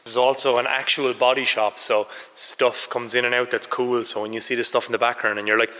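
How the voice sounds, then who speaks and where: A man chatting casually through a car restoration vlog, his voice a bit hoarse, matter-of-fact with some swearing. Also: medium pitch, little pitch movement, brisk, bright, forceful tone, big-room sound. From Ireland. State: hoarse, says he lost his voice. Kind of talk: casual workshop vlog narration. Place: large garage workshop, indoors.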